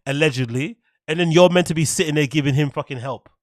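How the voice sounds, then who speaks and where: A British man rants as a podcast host, swearing freely and laughing at his own jokes. His voice sits a little high for a man. The recording is close and dry, with no room sound. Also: fast talker, dry recording. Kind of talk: ranting comedic commentary.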